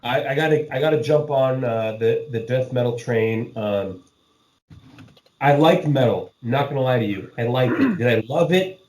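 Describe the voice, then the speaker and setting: A man's voice: medium pitch, lively intonation, moderate pace, darkish tone, echoey room, low-quality recording. A man hosting a casual podcast chat, talking loosely and swearing often while he laughs with friends. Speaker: podcast host.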